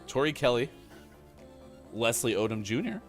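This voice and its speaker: A man's voice: mid-range voice, very animated, moderate pace, faint music behind. A man hosting a gaming morning show, reading birthdays and history with jokes. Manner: joking, reads from a rundown. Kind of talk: casual radio chat.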